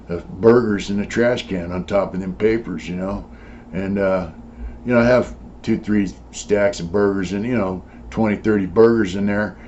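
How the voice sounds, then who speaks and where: A man's voice: low-pitched, darkish tone. An older man telling his own story casually, blunt and profane, rambling with many fillers. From California. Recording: dull lo-fi sound with faint noise.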